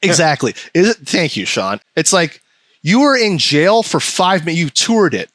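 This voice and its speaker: Guy ranting on his podcast, swears a lot, voice jumping all over, kinda high. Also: normal speed, dry recording. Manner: profane, ranting, animated mock voices. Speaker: podcast host. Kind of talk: casual podcast chat.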